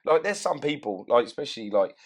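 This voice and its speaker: A man hosting a podcast in casual chat, acting out both sides of everyday exchanges in an animated way. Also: mid-range voice, fairly quick. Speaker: podcast host.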